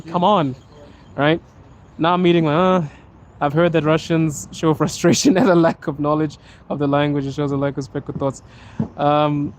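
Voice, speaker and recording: A man's voice: a little high, a little hiss or hum. A man hosting a casual outdoor livestream, chatting and joking as he answers viewer questions while walking through a snowy city. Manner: chatty and joking, reading comments aloud. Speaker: livestream host.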